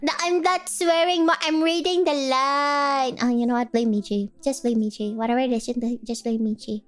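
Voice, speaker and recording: High-voiced giggly woman streamer. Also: steady tone, moderate pace. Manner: playful, giggly, asks lots of questions. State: sore throat. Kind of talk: casual chat with chat. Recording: faint music behind.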